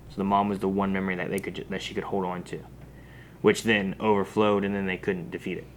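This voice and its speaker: Man, low voice, casual reaction chat, rambling, faint background noise. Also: little pitch movement, fast talker. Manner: rambling, thinks aloud with many restarts. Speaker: reaction video co-host.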